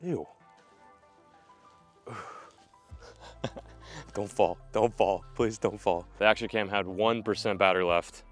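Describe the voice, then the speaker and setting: Excitable male fishing vlogger, lowish voice. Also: slow, long pauses, faint music behind. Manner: excitable, exclaims when surprised. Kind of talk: casual vlog narration. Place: outdoors by a backyard pond.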